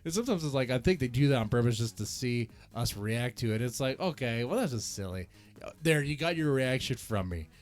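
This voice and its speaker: A man's voice: mid-range voice, lively intonation, a little fast. A man hosting a reaction channel, rambling in a casual, joking and self-mocking rant. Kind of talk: casual ranting commentary.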